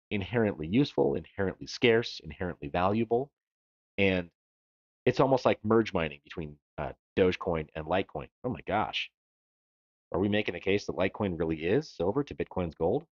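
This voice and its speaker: A man's voice: low-pitched, expressive, normal speed, a little mellow, dry recording, lo-fi sound. A man co-hosting a live stream, chatting casually and joking as he reads viewer comments aloud. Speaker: livestream co-host.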